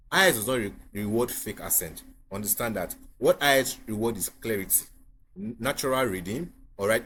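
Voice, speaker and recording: A man's voice: medium pitch, slight background noise. A man with a Nigerian accent, an IELTS tutor teaching to camera with emphatic repetition and frequent checks on the listener. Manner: emphatic, repeats key points, asks the viewer if they follow.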